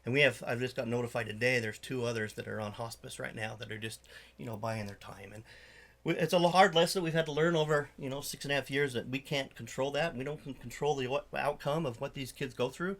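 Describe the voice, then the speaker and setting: A middle-aged man who founded a charity, telling an emotional story in an interview, halting with frequent fillers and restarts. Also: medium pitch, a bit bright.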